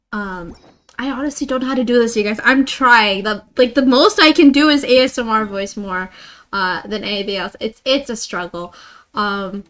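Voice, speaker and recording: A woman's voice: on the high side, pushed and bright. A woman streaming a game, chatting casually with her viewers in a playfully dramatic way, sometimes dropping into a half-whisper. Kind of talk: casual live-stream chat while gaming.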